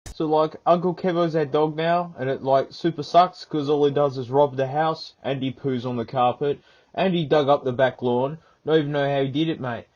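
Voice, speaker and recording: A man's voice: a little high, steady tone, normal speed, a little mellow, highs cut off. An Australian man telling an absurd story in a rambling comic monologue, full of "like" and "mate". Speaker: comedian.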